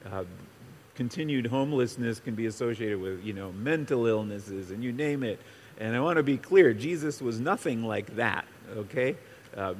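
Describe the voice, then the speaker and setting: A man preaching a conversational sermon, explaining a Bible passage in a loose, rambling way with many fillers and restarts. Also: medium pitch. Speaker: pastor or Bible teacher. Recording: long reverb of a large hall.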